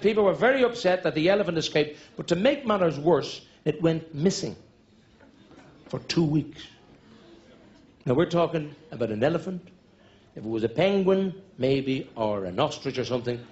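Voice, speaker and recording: On a dull-sounding live recording full of audience laughter, a middle-aged stand-up comic with an Irish Dublin accent and a slightly high voice spins rambling anecdotes, erupting into loud shouts whenever he reaches a punchline.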